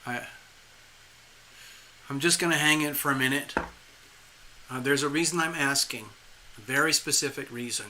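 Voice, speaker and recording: A man reading tarot live for a viewer, talking in a rambling, animated way with frequent restarts and chuckles. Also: mid-range voice, moderate pace, pauses often, a little hiss or hum. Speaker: tarot reader hosting a live stream.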